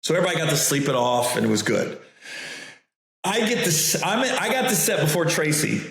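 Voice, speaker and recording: A man, a comedian and host, telling a story in a casual, animated way, acting out the voices of others and laughing often. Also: a little high, a little fast, gravelly, very echoey.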